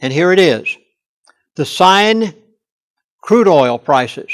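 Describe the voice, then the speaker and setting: An older pastor with a fairly high voice, speaking in a studio interview. He sounds earnest and punches key words with heavy emphasis. He sits as the guest and explains at length. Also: expressive, slow pace. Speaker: pastor and chaplain.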